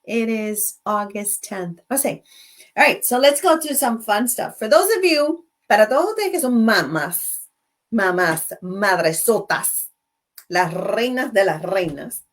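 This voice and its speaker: A middle-aged woman hosting a live show, chatting with viewers and telling stories, switching between English and Spanish as she laughs along. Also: a little high. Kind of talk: casual bilingual live-stream chat.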